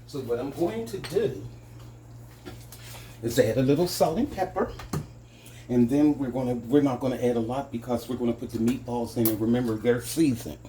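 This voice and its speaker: A man's voice: mid-range voice, moderate pace, warm tone, slight background noise. A man hosting a casual cooking demonstration in a home kitchen, chatting to his viewers as "guys" and savoring each taste with little hums. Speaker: home cooking channel host.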